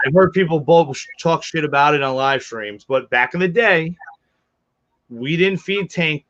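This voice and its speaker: A man telling profane, animated stories as co-host of a reptile livestream. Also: medium pitch. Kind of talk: casual storytelling chat. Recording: dull lo-fi stream audio.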